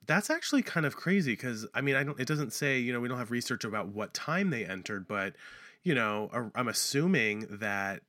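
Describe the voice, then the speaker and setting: Male podcast co-host with a crisp, bright voice, reading case details with jokes in between. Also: medium pitch, lively intonation, a little fast, no echo, studio quality. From United States. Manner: jokey, reads case notes aloud. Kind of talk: casual chat and case reading.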